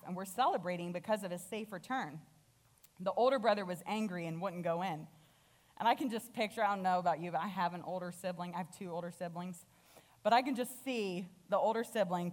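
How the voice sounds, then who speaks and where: A woman delivers a sermon as a guest speaker, her voice sitting at an ordinary middle pitch. She tells the story with animation and slips into the characters' lines as she goes.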